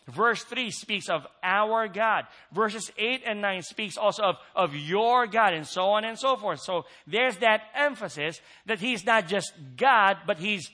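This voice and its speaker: A man's voice: high voice, pushed and bright. A man preaching a sermon in an earnest way, repeating key phrases for emphasis.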